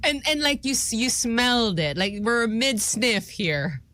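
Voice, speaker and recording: A woman's voice: fairly high pitch, sing-song, a little slow, bright, forceful tone, dry recording. A woman with a Filipino accent co-hosting a radio show, teasing playfully and laughing often. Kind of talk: casual radio banter.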